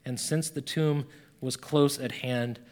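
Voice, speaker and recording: A man preaching a sermon in a conversational, animated way, rising and falling in volume as he reads scripture. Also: mid-range voice, takes it slowly. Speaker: pastor.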